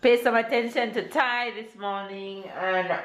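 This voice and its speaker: A Jamaican-accented woman talks to her viewers in a relaxed home vlog, upbeat and encouraging, with frequent laughs. She takes her time over her words. The room around her rings with a noticeable echo. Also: a little high, measured pace, a little hiss or hum. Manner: upbeat and motivating, laughs often. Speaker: vlogger and mother. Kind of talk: casual home vlog chat. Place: indoors at home. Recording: roomy echo.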